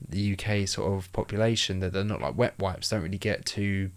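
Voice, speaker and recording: Young male podcast co-host, lowish voice, rambling casual chatter. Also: fairly even intonation, a little fast. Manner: rambling, many fillers and restarts. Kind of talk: casual chat.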